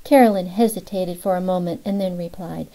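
Lady reading a novel aloud, mellow dark tone, steady storytelling. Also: fairly quick, rough recording. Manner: reads all characters with small pitch lifts for dialogue. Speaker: audiobook narrator. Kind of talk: scripted audiobook narration.

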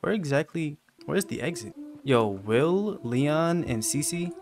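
A man hosting a gaming channel, giving casual commentary on a horror game and yelping high when he gets scared. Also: animated, slow pace, a little mellow. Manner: talks to game characters jokingly.

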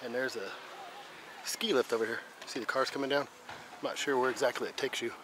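A man's voice: mid-range voice, steady tone, brisk. Tired Midwestern man vlogging outdoors. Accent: American Midwest. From American Midwest. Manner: rambling, with fillers and self-corrections. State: tired and out of breath. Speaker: travel vlogger. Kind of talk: casual walking vlog. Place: outdoors on town streets and a hilltop. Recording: outdoor street noise with traffic. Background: street and vehicle noise.

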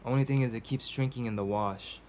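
A man's voice: mid-range voice, brisk, darkish tone, a little hiss or hum. A man recording a casual video journal at home, talking to the camera in a rambling, hesitant way, full of fillers and restarts. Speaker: vlogger. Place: cold home indoors.

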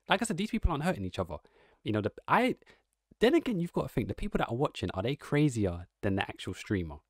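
A man's voice: fairly low pitch, no room sound, clean studio sound. A man giving casual, rambling reaction commentary, amused and musing aloud as the host.

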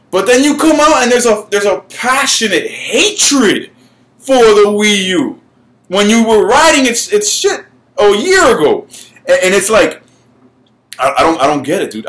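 Gaming youtuber guy ranting, kinda high voice, swearing a lot, tripping over his words. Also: fairly bright tone. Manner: heated, profane, repeats words when worked up. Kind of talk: ranting vlog.

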